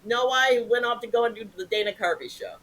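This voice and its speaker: A middle-aged woman, an improv performer, telling stories as a guest in a casual interview, animated and acting out quotes. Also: a little high, fast talker, poor audio. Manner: animated, swings into loud acted-out quotes.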